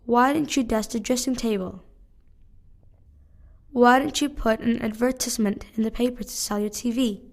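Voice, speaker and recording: A woman, reading English practice questions one at a time in a measured, careful way. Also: on the high side. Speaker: English teacher. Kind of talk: reading drill sentences aloud.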